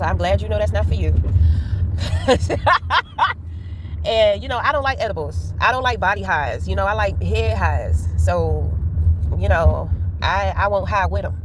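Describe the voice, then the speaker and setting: A woman chatting casually while driving, telling a rambling, candid story full of profanity. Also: medium pitch. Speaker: vlogger. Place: inside a car. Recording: car noise in background.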